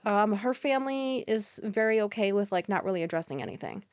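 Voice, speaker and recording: A woman's voice: mid-range voice, lively intonation, fairly quick, a little mellow, smooth, no echo. An American woman hosting a podcast, telling a rambling personal story in a frank, casual way with lots of fillers and swearing. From United States. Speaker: podcast host.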